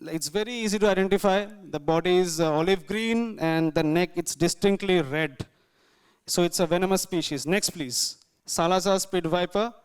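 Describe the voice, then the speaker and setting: A man gives a guest lecture with slides, explaining each one. His voice is high and clear, with a smooth, resonant tone. He speaks informally and leans on fillers like "you know.". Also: moderate pace. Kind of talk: lecture talking through slides.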